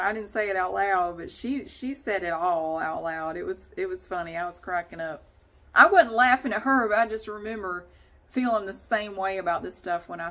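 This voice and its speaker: A woman's voice: mid-range voice, moderate pace, pushed and bright. A woman vlogger chatting casually and rambling, often laughing as she talks. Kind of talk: casual vlog chat.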